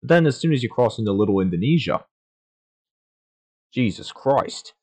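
A young man co-hosting a podcast, telling an absurd story in a halting, deadpan way. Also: medium pitch, slightly rough. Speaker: podcast co-host.

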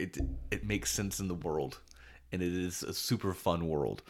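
A man's voice: sits low, moderate pace. A man co-hosting a podcast, chatting casually and enthusiastically, rambling with many restarts. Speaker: podcast co-host. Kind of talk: casual chat.

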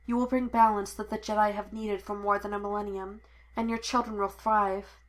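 A woman reading the lines of a weary, grim man who is a Jedi, in a low, subdued voice. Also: little pitch movement, moderate pace, natural voice. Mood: quiet grim.

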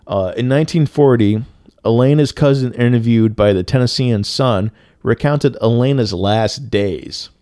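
A man's voice: mid-range voice, a little slow, mellow, dry recording, clean studio sound. A man co-hosting a podcast, telling a story in a loose, profane way with lots of filler words. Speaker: podcast co-host. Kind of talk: casual storytelling chat.

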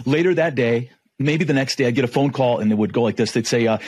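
Middle-aged male negotiation trainer, animated storyteller, husky voice, lively delivery. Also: mid-range voice, fast, no echo. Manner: animated, acts out dialogue. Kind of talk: storytelling in a talk.

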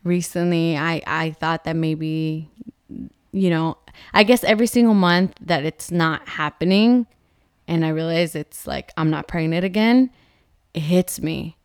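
Vlogging mom in her thirties, candid and heartfelt; smooth, dry voice. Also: deep voice, a little slow, no echo. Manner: earnest and open, with frequent fillers. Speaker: vlog co-host, mother. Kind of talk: candid personal vlog talk.

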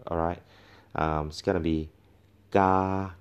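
A man's voice: rumbling low, takes it slowly, a little mellow, lo-fi sound. A man teaching a language lesson, patiently demonstrating tones by repeating each syllable several times. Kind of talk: tone pronunciation lesson.

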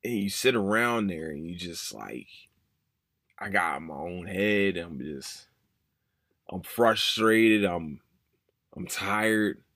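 A man's voice: low-pitched, animated, slow, pauses often, fairly bright tone, dry recording, studio quality. A man, hosting a podcast and telling a personal story in an emotional, rambling way that repeats itself. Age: 30s. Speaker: podcast host. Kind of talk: casual personal monologue.

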